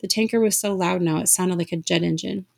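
A woman reading a novel aloud with dramatic expression, lifting her voice for the characters' shouts. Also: steady tone, brisk, creaky. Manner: dramatic reading, raising pitch for shouted lines. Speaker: reader.

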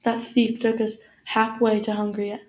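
A woman's voice: fairly high pitch, little pitch movement, normal speed, a little mellow, roomy sound, lightly acted, low-quality recording. A woman voicing a frightened but protective father who pleads and then makes a dry joke. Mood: matter-of-fact. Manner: pleading, then dryly joking.

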